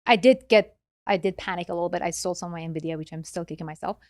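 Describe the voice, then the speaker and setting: Speaking with a non-native English accent, a woman being interviewed casually explains investing through animated, speedy side remarks. Her pitch is fairly low, and there's no room sound.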